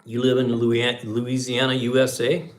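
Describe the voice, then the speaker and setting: A man in his sixties from Southern California hosts a casual livestream chat, rambling along in a laid-back way. His voice is medium-pitched and monotone, and he keeps a measured pace.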